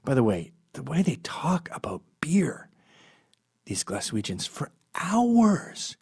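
A man telling a long comic story, rambling and profane and dropping deadpan asides. His voice sits in a middle register, and the delivery is loose and conversational. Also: mid-range voice, breathy edge. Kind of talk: comedic storytelling monologue.

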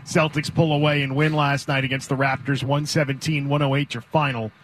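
A man hosting sports talk radio, energetic and opinionated, leading the conversation. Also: medium pitch, brisk, slight background noise. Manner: energetic, opinionated, leads the segment.

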